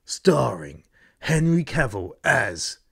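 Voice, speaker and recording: A man's voice: medium pitch, sing-song, takes it slowly, gravelly, background noise, full character voice. A man voicing an epic male movie trailer narrator in a whispered, dramatic delivery, as whispered role-play. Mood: ominous. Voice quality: hushed, dramatic.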